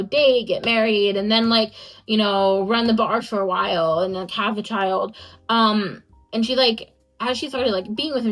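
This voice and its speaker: A woman's voice: medium pitch, a bit bright, poor audio. A young woman talking through a book review in a casual vlog, chatty and full of "like" and "um". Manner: chatty, many fillers like "like" and "um".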